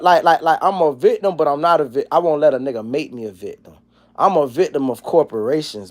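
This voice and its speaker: A man in his forties hosting a casual livestream, rambling and profane, dropping to low mumbles and then breaking into loud, animated rants. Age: 40s. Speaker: livestream host. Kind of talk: casual livestream chat, reading chat comments.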